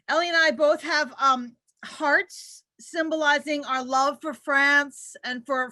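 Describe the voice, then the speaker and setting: A woman moderating an interview as event host, speaking haltingly with many fillers. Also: high-pitched, sharp tone, no echo.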